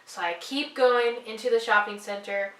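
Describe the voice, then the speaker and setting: A woman's voice: fairly high pitch, steady tone, moderate pace, fairly bright tone, echoey room, distant mic, rough recording. A young woman vlogger telling a personal story, earnest and apologetic, rambling with lots of fillers. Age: young adult.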